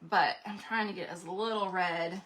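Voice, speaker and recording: Bright-voiced chatty woman crafting live. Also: on the low side, fairly even intonation, moderate pace. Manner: rambling, talks to viewers directly. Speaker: craft livestream host.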